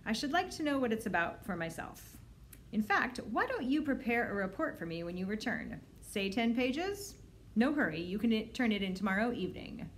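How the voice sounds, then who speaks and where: A woman's voice: fairly high pitch, very animated, normal speed, a little hiss or hum. A woman voicing a fussy, pompous, thin male orphanage director, reading him aloud from a storybook.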